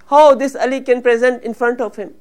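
High-voiced woman giving an earnest sermon. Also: steady tone, brisk, a little mellow. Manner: earnest, rises and grows emotional when voicing supplications. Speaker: religious speaker.

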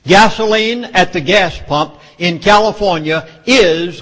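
At a measured pace and with a slightly high, fairly bright voice, a man with a Southern US accent delivers an urgent, emphatic lecture to a public meeting. Long reverb fills the hall where his audience sits.

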